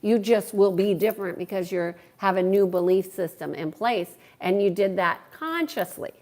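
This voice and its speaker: A woman's voice: medium pitch, moderate pace. A woman hosting a live stream, chatting with viewers and answering their questions in a friendly, talkative way. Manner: warm, chatty, greets viewers by name. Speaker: livestream host and coach.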